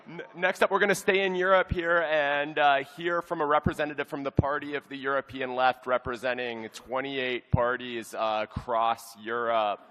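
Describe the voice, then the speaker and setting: A man's voice: mid-range voice, bright, forceful tone. A man emceeing a convention, introducing speakers in a casual, joking way. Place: large convention hall. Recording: long hall reverb.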